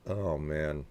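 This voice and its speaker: A man's voice: a bass voice, a little mellow. A man chatting casually with his live-stream viewers, sleepy and rambling as he reads and answers chat.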